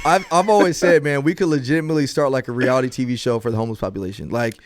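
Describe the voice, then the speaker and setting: A young adult man who is a police officer, talking casually on a podcast in a laid-back way and getting animated when he tells stories. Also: medium pitch, racing, dry recording.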